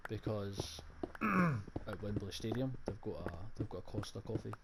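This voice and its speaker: A young man with a Scottish accent rambles through a casual gaming vlog, joking and swearing as he goes. His voice sits fairly low, and loud noise runs behind it the whole time. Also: fairly even intonation, moderate pace. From Scotland. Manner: rambling, profane, jokey. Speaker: gaming vlogger. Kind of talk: casual chat while playing a game.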